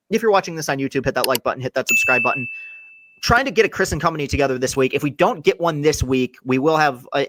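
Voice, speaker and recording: A man's voice: medium pitch, background noise. A man hosting a solo sports podcast, talking casually and getting worked up, often repeating and restarting words. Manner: animated, repeats words and restarts when heated.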